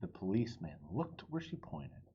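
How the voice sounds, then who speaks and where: A man with a husky voice, reading a children's chapter book aloud in an animated, friendly way and asking the listeners questions. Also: mid-range voice, moderate pace, dull audio. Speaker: storybook reader.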